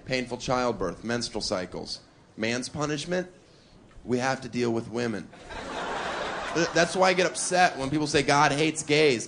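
A man doing a crude, brash stand-up comedy set on a club stage, punching up his lines with shouts. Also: mid-range voice. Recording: live club recording with crowd noise. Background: audience laughter and applause.

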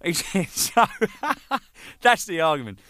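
A man's voice: fairly high pitch, slow pace, no echo, clean studio sound. A man, a band's drummer, telling casual anecdotes with lots of swearing and laughter. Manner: animated, swearing, laughing, acting out exchanges. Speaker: band's drummer recalling its singles.

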